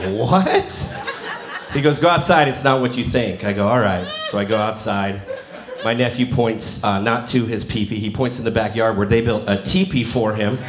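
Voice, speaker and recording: A man's voice: lowish voice, fairly quick. A man in his forties performing a stand-up comedy set, telling stories and acting out what people said. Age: 40s. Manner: animated storytelling, acting out quotes. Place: comedy venue with a laughing audience. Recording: roomy live venue with audience noise.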